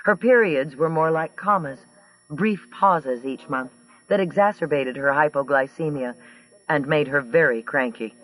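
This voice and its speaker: A man's voice: fairly high pitch, a little slow, fairly bright tone. Man narrating an audiobook, distant mic. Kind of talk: scripted narration.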